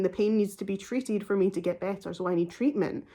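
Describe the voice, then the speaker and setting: A woman's voice: medium pitch, a little fast, hardly any pauses, dark tone. A woman in her twenties retelling a story casually and heatedly, swearing often and acting out both sides of the conversation. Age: 20s. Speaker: vlogger.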